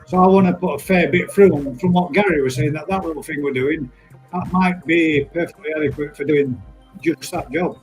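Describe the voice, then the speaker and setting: A man's voice: fairly high pitch, brisk, faint music behind, rough recording. A man hosting a live stream, chatting casually and laughing often as he calls people mate.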